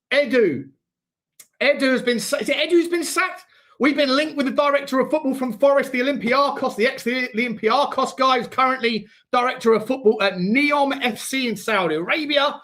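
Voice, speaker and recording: A man's voice: extremely high pitch, moderate pace, fairly bright tone. A man with an English accent hosting a casual livestream, playful and rambling, his throat strained and coughing. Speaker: host.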